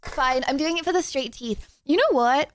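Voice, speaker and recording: Young female streamer, high bright voice, chatty filler-heavy casual talk, dry sound. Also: normal speed, dry recording. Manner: chatty, bubbly, full of "like" fillers. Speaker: streamer host. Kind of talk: casual livestream chat.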